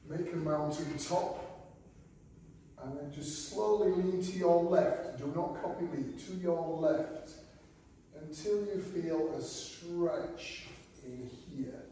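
A man's voice: fairly high pitch, slow, dark tone, a little hiss or hum. A man leading a group stretch class in a community centre hall, cheerfully joking as he calls out exercise cues. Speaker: exercise instructor. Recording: very echoey hall, from far off.

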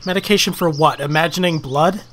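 A man's voice: a little high, fairly quick, fairly bright tone. A man doing let's play commentary, frustrated and swearing at the game. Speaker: gaming video host.

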